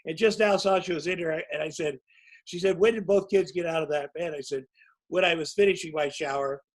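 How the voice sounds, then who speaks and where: A man in his sixties with a notably high voice spins loose, rambling anecdotes as a guest. He tells them casually and pokes fun at himself as he goes. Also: a little fast, low-quality recording. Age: 60s. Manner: rambling, anecdotal, self-mocking. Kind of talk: casual storytelling.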